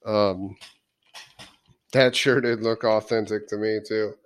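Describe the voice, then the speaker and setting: A man with a smooth, resonant voice pitched fairly low speaks in a thoughtful, halting way, pausing on ums as he gathers his thoughts. It is relaxed conversational talk. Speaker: podcast co-host. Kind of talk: casual discussion.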